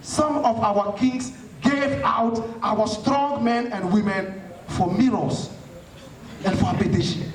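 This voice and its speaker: Speaking slowly in a high voice, a man from Ghana delivers a passionate, rhetorical talk in a hall and fields questions from the audience. His tone is fiery and preacher-like, captured from a distance in an echoey space.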